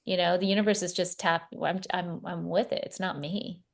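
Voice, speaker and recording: A middle-aged woman, a spiritual coach, chatting casually as a podcast guest and telling animated stories with many restarts. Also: on the low side, normal speed, gravelly. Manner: animated storyteller, repeats and restarts words. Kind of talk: casual conversation.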